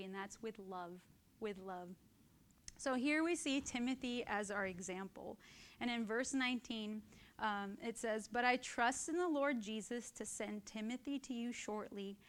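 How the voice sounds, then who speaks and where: A woman teaching from the Bible in a conversational way, often checking in with "right?" and getting lively and laughing as she tells stories. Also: mid-range voice. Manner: animated and laughing while telling stories.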